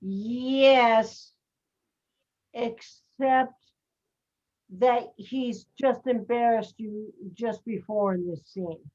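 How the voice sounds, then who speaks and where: Slow-talking woman acting teacher, muffled call. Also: a little high, a little mellow. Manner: direct, explanatory, slow-paced. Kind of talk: giving acting notes.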